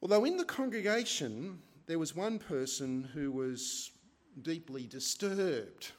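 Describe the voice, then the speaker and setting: A man's voice: a little high, sing-song, slow. A man preaching an expository sermon in a conversational way, often asking his listeners rhetorical questions. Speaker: pastor.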